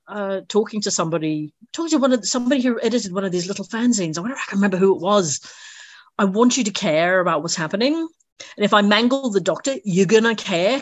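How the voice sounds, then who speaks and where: A woman author talks in a casual interview, lively and acting out little reactions. Her voice is mid-pitched, and the recording is dry. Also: dry recording. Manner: animated, acts out reactions in quoted voices. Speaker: author guest.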